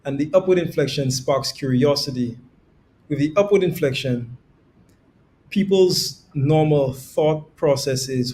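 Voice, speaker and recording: A man coaching on sales, explaining in a relaxed podcast conversation and acting out little quoted examples. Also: on the high side, a little slow, slight background noise. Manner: demonstrates tones with quoted examples, laughs easily.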